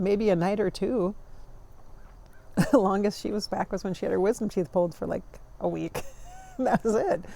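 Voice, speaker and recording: A woman in her forties reflects aloud in a casual vlog, wandering from thought to thought and laughing often. Her voice has a gravelly fry and a mellow, darker color. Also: mid-range voice. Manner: rambling, warm-hearted, laughs often. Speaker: vlogger.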